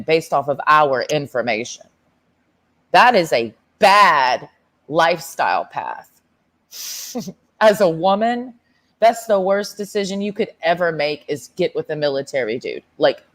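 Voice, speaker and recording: A young woman with a slightly low voice rants casually to camera. She tells her story bluntly and sassily, with plenty of swearing. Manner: blunt, profane, sassy storytelling. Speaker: vlogger. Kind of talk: casual rant.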